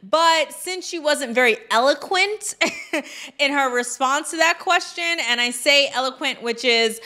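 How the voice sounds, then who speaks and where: A woman giving casual commentary on a vlog, chatty with quick asides and lots of fillers. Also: sits high, bright, forceful tone. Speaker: commentary vlogger.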